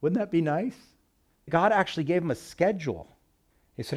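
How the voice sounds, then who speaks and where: A man preaching a sermon in a relaxed, conversational way, talking the text through with everyday examples. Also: mid-range voice, fast. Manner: relaxed, folksy, speaks with everyday work analogies. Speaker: pastor.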